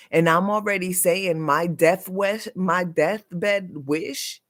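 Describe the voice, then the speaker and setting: A man's voice: high voice, slow, fairly bright tone. A man in a vlog delivering a heated, accusatory rant, swearing constantly and repeating himself, often tagging his sentences with "yo". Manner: profane, repetitive, keeps tagging lines with "yo"; agitated and accusatory. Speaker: vlogger.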